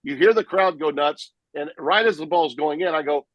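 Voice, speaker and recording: A man, a sports broadcaster, telling lively stories about calling games in a podcast interview. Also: on the high side, moderate pace, dull audio, background noise. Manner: animated, vivid storyteller who acts out his own play calls. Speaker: sportscaster guest.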